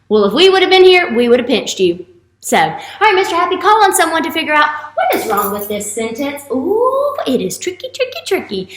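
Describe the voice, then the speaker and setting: A woman teacher leading a playful morning message for young students, with an animated, exaggerated manner. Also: a little high. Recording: echoey room.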